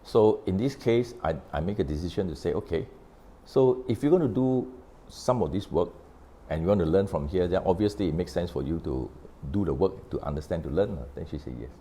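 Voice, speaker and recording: A man's voice: sits low, animated, warm tone. A middle-aged man with a Malaysian English accent, an author talking through a workplace story and acting out the conversations in it. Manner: recounts conversations with quoted dialogue, unhurried, explanatory. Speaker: author sharing on his book. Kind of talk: casual storytelling talk.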